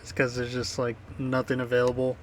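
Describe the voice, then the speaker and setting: Relaxed rambling man recapping a gig. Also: mid-range voice, brisk, slight background noise. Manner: relaxed, rambling with fillers and easy laughs. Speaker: podcast co-host and band member. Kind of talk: casual chat.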